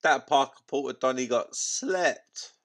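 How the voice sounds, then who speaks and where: A man's voice: mid-range voice, unhurried, a bit bright. A man hosting a live fight watchalong, chatting casually, swearing freely and using lots of slang. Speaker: livestream watchalong host.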